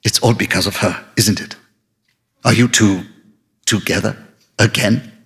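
A man voicing a suspicious, hurt woman on the phone, speaking low, hoarse and soft, accusing then pleading. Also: fairly even intonation, measured pace, big-room sound, exaggerated voice.

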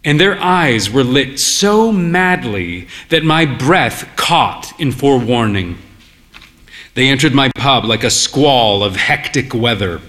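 A man narrating a literary story in a wry, weary and measured way. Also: medium pitch, bright, forceful tone.

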